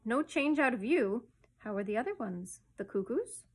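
A woman's voice: fairly high pitch, expressive, moderate pace, slightly rough. A woman voicing a cheeky male starling bird in a storybook reading, perky and wheedling in manner.

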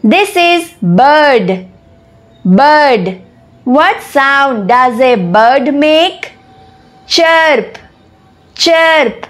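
A woman narrating a children's lesson, speaking slowly and deliberately and spelling words out letter by letter. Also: high voice, expressive, noisy background. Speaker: teacher.

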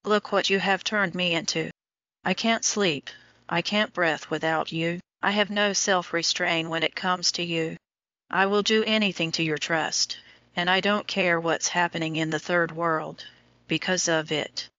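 A woman's voice: fairly low pitch, steady tone, unhurried, pushed and bright, no room sound. A woman voicing an intense, lovesick young man in an audiobook romance, speaking in an urgent, pleading way. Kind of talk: audiobook dialogue reading. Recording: dull lo-fi audio.

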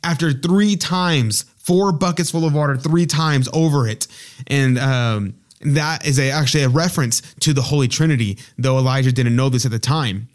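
A man's voice: mid-range voice, normal speed. A man hosting a podcast who retells a scripture story in a casual, rambling way, with frequent fillers and restarts. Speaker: podcast host.

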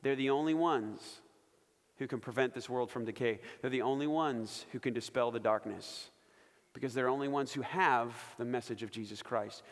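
Impassioned male pastor preaching in a reverberant hall. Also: normal speed. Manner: passionate preaching, swings between loud emphatic and quiet low. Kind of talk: sermon. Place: church sanctuary.

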